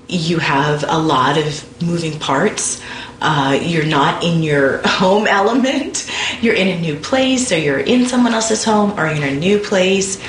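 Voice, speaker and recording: A woman reflects in a thoughtful, candid interview voice. Her pitch is notably low for a woman, recorded in a roomy space. Faint ambient noise is heard behind her. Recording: roomy echo.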